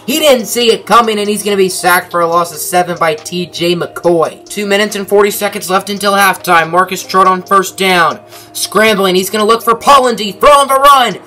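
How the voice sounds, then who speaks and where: A man's voice: sits high, moderate pace, bright, forceful tone, faint music behind. A young man narrating a football video game in mock sportscaster play-by-play, with dry asides. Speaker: gaming commentator.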